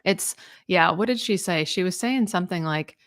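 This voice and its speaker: Woman in her 30s, co-host, rambling casual talker, slightly low pitch, very dry close sound. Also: normal speed, a bit bright, dry recording. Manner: chatty, rambling, many fillers and restarts. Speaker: podcast co-host. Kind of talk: casual chat.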